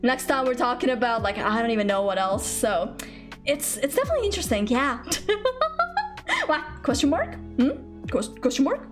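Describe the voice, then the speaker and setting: A woman's voice: fairly high pitch, sing-song, moderate pace, faint music behind. A young woman streaming from home, chatting casually and playfully, giggling often, rambling and thanking viewers for gifts. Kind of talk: casual live-stream chat. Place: home room.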